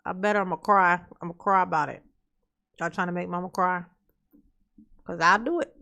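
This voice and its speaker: Sassy, bright-voiced woman mocking a clip. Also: fairly low pitch, steady tone, normal speed, gravelly. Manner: sassy, teasing, laughs often. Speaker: commentary channel host. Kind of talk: mocking reaction commentary.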